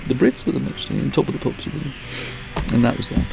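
A man's voice: mid-range voice, fast, creaky, loud music behind the voice. A man casually telling a studio story, rambling and correcting himself as he goes, with a chuckle now and then. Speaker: musician telling a studio anecdote. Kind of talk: casual anecdote.

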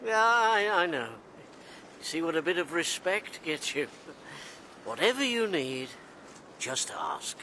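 A man's voice: fairly high pitch, big pitch swings, slow pace, pauses often, sharp tone, a little hiss or hum, heavily acted. An actor playing a greedy, miserly old father in a stage comedy, frantic and melodramatic. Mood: threatening.

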